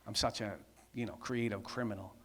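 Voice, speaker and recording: A man's voice: on the low side, fairly even intonation, a little fast, husky, long reverb tail. Guy telling his story to a crowd of men, plain and candid, keeps saying right?. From Massachusetts. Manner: candid, conversational, lots of "right?" asides. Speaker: speaker at a men's conference. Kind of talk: personal testimony talk.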